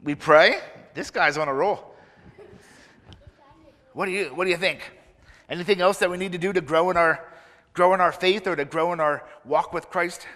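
A children's minister leads a children's sermon in a church sanctuary, playfully putting many questions to the kids. He speaks in a high voice at a normal speed, pausing often, with a pushed and bright tone, and the recording echoes around the church hall.

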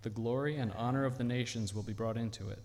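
A man reading a scripture passage aloud in a measured way. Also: mid-range voice, steady tone, a little mellow. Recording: long hall reverb.

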